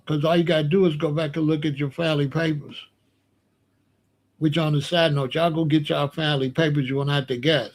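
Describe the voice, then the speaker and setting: A middle-aged man ranting bluntly and profanely in casual commentary, repeating himself and dismissing others. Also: on the high side.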